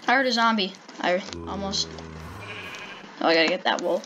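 A woman giving playful, excitable commentary while playing a survival game, calling out to animals in sing-song baby talk. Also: mid-range voice, normal speed, long pauses, highs cut off, slight background noise. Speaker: gaming channel host.

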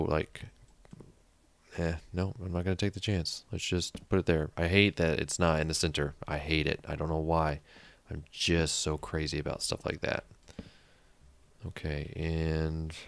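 A man's voice: very deep voice, creaky, clear, resonant tone, no room sound. A man hosting a let's play, chatting casually and thinking aloud as he builds, sometimes muttering under his breath. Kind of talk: casual gameplay commentary.

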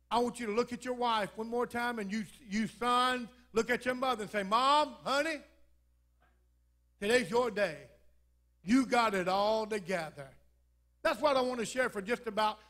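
A pastor with a noticeably high voice delivers a church sermon. He shifts from scripture reading into folksy, humorous storytelling, leaning on a preacher's rhythmic cadence. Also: normal speed, a bit bright. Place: church sanctuary.

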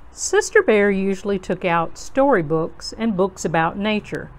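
A woman reading a children's storybook aloud to kids as host, in a slow, gentle, expressive way. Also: mid-range voice.

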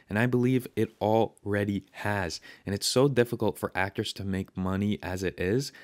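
A man hosting a software tutorial, talking casually and enthusiastically over his screen recording. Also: fairly low pitch, no echo, clean studio sound. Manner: chatty, enthusiastic, conversational. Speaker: tutorial host.

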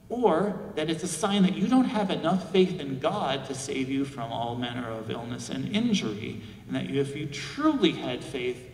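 A man's voice: fairly high pitch, darkish tone. A male pastor preaching a sermon, reflective, with rhetorical questions. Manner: reflective, asks rhetorical questions, acts out quoted voices. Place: large church sanctuary. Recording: echoey church hall from far off.

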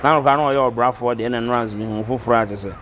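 A man's voice: mid-range voice, fast, a bit bright, slight background noise. Ghanaian man hosting an interview. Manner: brief acknowledgments, probing questions. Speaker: interview host.

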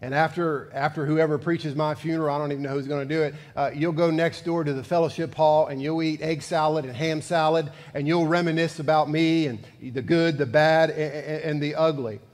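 A man's voice: a little high, fairly even intonation, fairly quick, hardly any pauses, big-room sound. A male pastor giving a sermon, conversational and building to fervent emphasis. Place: church sanctuary.

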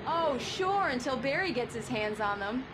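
An actress playing an affectionate young wife in a video game. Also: female voice, sits high, expressive, normal speed, background noise. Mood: fond.

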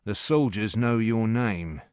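A man voicing a bold male captain who speaks loudly, firmly and earnestly. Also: on the low side, slow, clear, resonant tone, no echo, studio quality. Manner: loud, firm and earnest.

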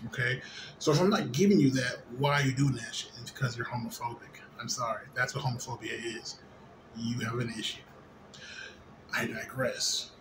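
A tipsy man rants late at night in a rambling, cursing monologue that keeps restarting and circling back. His voice sits at an ordinary male pitch. A clear bed of ambient noise runs under the recording. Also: fairly even intonation, normal speed. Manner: rambling, profane, with frequent fillers. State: a little drunk. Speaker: vlogger. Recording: noisy ambience behind voice.

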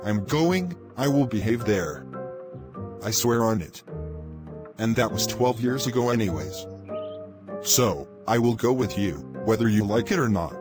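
A man's voice: fairly low pitch, expressive, a little slow, pauses often, over music. A man voicing Red Dinosaur, a mischievous young dinosaur who whines and schemes. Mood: pleading. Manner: whiny, scheming.

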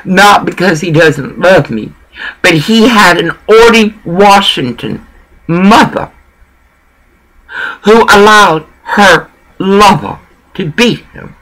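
A man's voice: high-pitched, expressive, takes it slowly, pauses often, fairly bright tone, poor audio. A man from Texas, talking in a preachy, meandering monologue. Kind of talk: rambling monologue.

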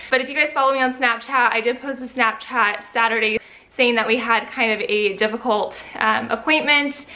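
Bright-voiced young woman vlogging. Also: on the high side. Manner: chatty, lots of fillers, gets emotional and teary. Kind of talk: casual vlog update.

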